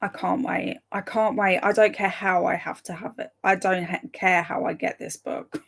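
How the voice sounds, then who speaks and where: A woman chatting casually with live viewers, reading out their comments, chatty and excitable, with a gravelly voice. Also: fairly low pitch, moderate pace. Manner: chatty and excitable, breaks into laughs and sudden whispers. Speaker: streamer reading live chat.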